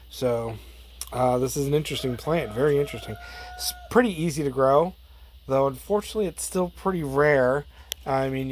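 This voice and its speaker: A relaxed man talks his way through a gardening vlog at an ordinary middle pitch. He rambles loosely, filling pauses with fillers and wandering into trailing asides. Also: a little hiss or hum. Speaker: plant grower and channel host.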